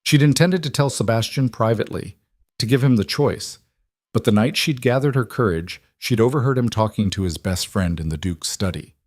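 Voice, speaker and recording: A man giving a scripted narration of a romance story in a steady, even way. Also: medium pitch, normal speed, no room sound, studio quality.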